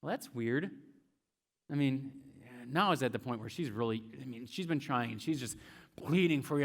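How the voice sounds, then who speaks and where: A man's voice: mid-range voice, lively intonation, normal speed. A man retelling a scripture story as a youth pastor, casual and chatty, speaking to his listeners as "you". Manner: casual, chatty, tells it in second person. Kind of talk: storytelling sermon to students.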